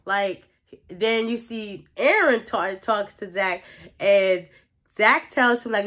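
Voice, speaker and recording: A woman vlogger recapping a TV episode in a casual, gossipy way, full of "like" and quick laughs. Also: medium pitch, a bit bright. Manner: chatty, gossipy retelling with frequent "like" and laughter.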